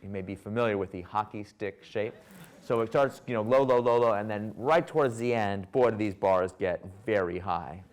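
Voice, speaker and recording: Wry, animated man telling stories. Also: lowish voice, normal speed. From United States. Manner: animated, wry storyteller acting out dialogue. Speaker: author and speaker. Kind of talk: public lecture storytelling. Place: lecture hall with audience.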